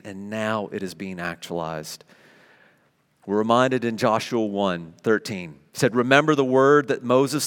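A man preaching a sermon as pastor, animated and conversational, with everyday examples. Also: mid-range voice, big-room sound.

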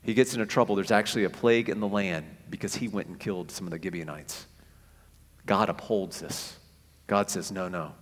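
A man preaching a sermon as pastor, animated, often repeating phrases for emphasis and acting out quotes. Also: deep voice, brisk, husky. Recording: echoey hall with long reverb.

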